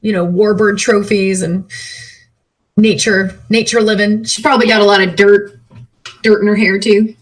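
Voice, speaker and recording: A woman's voice: medium pitch, level tone, moderate pace. A woman player chatting casually out of character on a video call, giggly and rambling.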